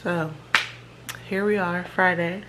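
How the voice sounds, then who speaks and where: A woman's voice: lowish voice, fairly even intonation, takes it slowly, noisy background. A woman, chatting to her phone camera at home in a rambling, casual vlog. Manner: chatty and rambling, with fillers and laughs. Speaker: vlogger.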